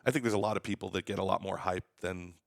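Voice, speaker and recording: A man with a New York accent, raised on Long Island, talks as a DJ guest on a casual podcast. He is an animated storyteller who jumps into other people's voices as he goes. His voice sits low with a gravelly fry, and the recording is dry and close. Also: fast, no echo. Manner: animated storyteller, acts out quotes.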